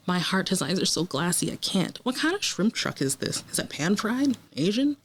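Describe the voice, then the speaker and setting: A woman's voice: lowish voice, very animated, moderate pace, slight background noise. A woman co-hosting a podcast, chatting casually as she reacts aloud to a TV episode and talks back to the characters on screen. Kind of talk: casual watch-along commentary.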